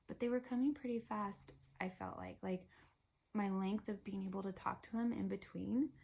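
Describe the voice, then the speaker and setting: A young woman casually telling a personal story in a chatty way, often dropping to a hushed, half-whispered voice. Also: mid-range voice, gravelly, breathy edge. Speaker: vlogger.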